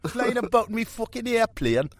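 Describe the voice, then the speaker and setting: A man's voice: sing-song, moderate pace, dry recording, full character voice. A man putting on a mocking, attempted Geordie accent as a smug, preachy, jet-setting male rock star. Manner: high, loud, mocking, sweary.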